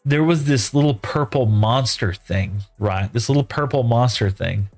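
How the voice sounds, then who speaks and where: A man's voice: mid-range voice, moderate pace, a little mellow. A middle-aged man from West Texas, telling a long rambling story in a folksy, casual way while streaming, full of "you know" and "right?".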